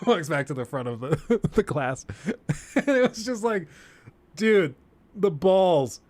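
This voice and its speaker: A young male streamer tells a story, his voice swinging widely in pitch as he laughs and acts out what others said. He sits a little higher than most men, and the sound is dry and close. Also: moderate pace, no room sound. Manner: animated storyteller, laughs often and acts out the people he quotes. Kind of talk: casual storytelling on a livestream.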